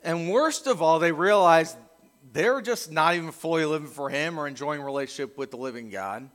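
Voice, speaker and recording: Middle-aged male pastor, slightly high voice, conversational sermon delivery, acts out quoted lines. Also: moderate pace, fairly bright tone, in a large hall.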